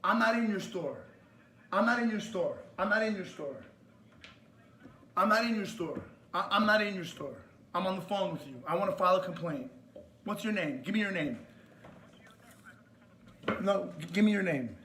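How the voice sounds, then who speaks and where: High-voiced man, furious and echoey. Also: animated, normal speed, pauses often, pushed and bright, a little hiss or hum. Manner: aggressive, repeats demands, swears. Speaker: customer complaining to a store. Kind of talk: heated phone argument.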